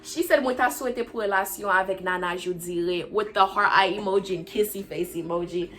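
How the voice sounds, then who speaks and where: A young woman vlogger telling a casual storytime, acting out quoted lines with big jumps in pitch and dropping into quiet low asides. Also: a little fast, faint music behind.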